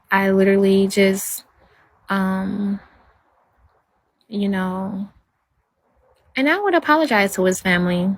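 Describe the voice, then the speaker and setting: A woman talks to her viewers on a casual livestream with a husky, slightly breathy voice. She rambles in a soft-spoken way and stops to answer their comments. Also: mid-range voice, dry recording.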